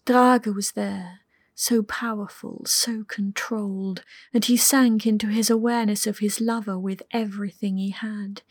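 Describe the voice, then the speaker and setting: A woman narrating an audiobook in a soft, intimate way that often drops to a whisper. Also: mid-range voice, no echo, studio quality. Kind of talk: scripted narration.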